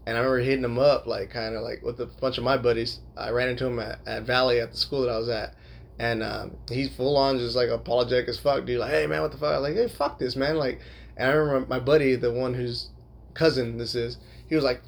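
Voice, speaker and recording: A man's voice: mid-range voice, gravelly. A young man casually telling a long personal story, rambling with lots of fillers and frequent swearing. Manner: laughs while telling.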